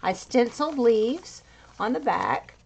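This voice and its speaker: A woman's voice: fairly high pitch, very animated, slow, gravelly, husky. A woman chatting casually as she pages through a handmade journal, rambling a little and slightly out of breath. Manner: chatty, meandering, with fillers. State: a bit out of breath. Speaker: crafter showing a handmade journal. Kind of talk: casual walkthrough.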